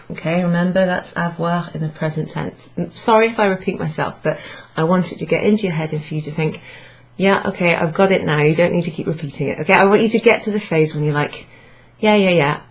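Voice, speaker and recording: A woman teaching a French grammar class, patiently repeating and modelling French phrases slowly. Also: on the low side. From Wales. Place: pub function room, indoors.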